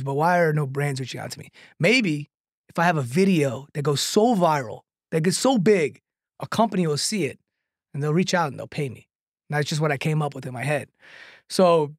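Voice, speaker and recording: A man, a comedian and content creator, telling a long anecdote in a podcast chat, animated and tagging lines with "right?", laughing now and then. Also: a little high, no room sound, clean studio sound. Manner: laughs through his own story.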